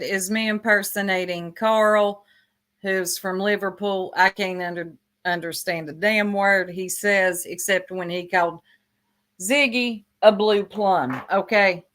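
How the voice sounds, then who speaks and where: A woman's voice: medium pitch, a bit bright. Blunt Southern woman streamer. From Tennessee. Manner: blunt, gossipy, laughs often. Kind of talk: casual livestream commentary.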